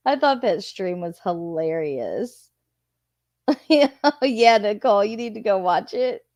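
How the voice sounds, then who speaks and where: A woman's voice: mid-range voice, expressive, slow pace, a little mellow, no echo. A woman chatting casually as a streamer, laughing often and swearing freely. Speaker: streamer reviewing a video. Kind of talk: casual commentary.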